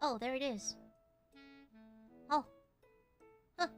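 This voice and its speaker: Giggly high-voiced young woman streamer. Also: slow pace, over loud music. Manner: giggly, playful, often whining "weh". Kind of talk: casual livestream chat.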